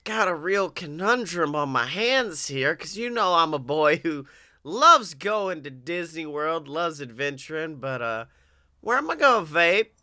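A man hosting a podcast in casual, jokey chat, hoarse from being sick. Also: fairly high pitch, big pitch swings, a little slow, sharp tone, no room sound, clean studio sound. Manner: jokey, puts on silly voices. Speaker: podcast host.

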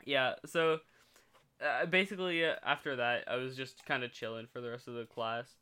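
Teen dude cohost, chill rambly storyteller, crisp smooth voice. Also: male voice, medium pitch, fairly even intonation, normal speed, pushed and bright. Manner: laid-back rambling storyteller, laughs a lot, swears freely. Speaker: podcast co-host. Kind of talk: casual storytelling chat.

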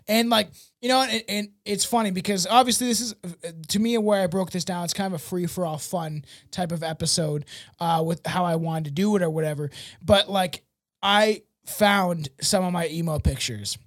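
Rambling high-voiced podcast man. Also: brisk. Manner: rambling, swears a lot, filler-heavy. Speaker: podcast co-host. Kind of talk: casual chat.

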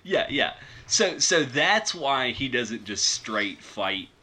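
A man's voice: mid-range voice, big pitch swings, takes it slowly, bright, forceful tone, slightly rough. A man chatting casually on a podcast, telling a rambling, amused story. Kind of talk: casual chat.

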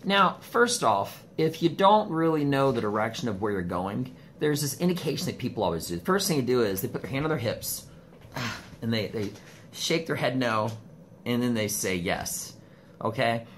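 A man's voice: moderate pace, a little hiss or hum. A man vlogging from a room in his home on his phone, rambling in casual talk with lots of swearing and sudden jumps in his voice. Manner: profane, rambling, animated swings in pitch. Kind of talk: casual ranting monologue. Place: home studio room, indoors. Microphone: phone camera.

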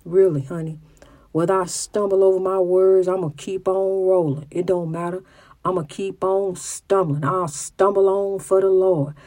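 A woman's voice: on the low side, steady tone, normal speed, warm tone, dry recording. A middle-aged woman with a country way of talking and a slight stutter, giving a preachy religious testimony and often restarting her words. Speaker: mother.

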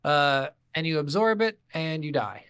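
A man co-hosting a casual game review podcast, animated, swearing freely and acting out his reactions. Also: a little high, measured pace, clear, resonant tone, no room sound, clean studio sound. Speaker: podcast co-host.

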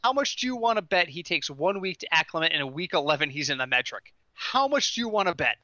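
A man co-hosting a casual podcast, telling stories in an animated way and laughing through his lines. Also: fairly high pitch, fast talker, no room sound, highs cut off. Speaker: podcast co-host.

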